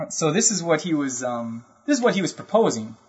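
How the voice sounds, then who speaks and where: A man's voice: a little high, very animated, a little mellow. Guy giving a chatty history lecture, lots of "right?", kinda muffled lo-fi sound. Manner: conversational, keeps checking in with "right?"; acts out historical speakers in quick asides. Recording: dull lo-fi recording.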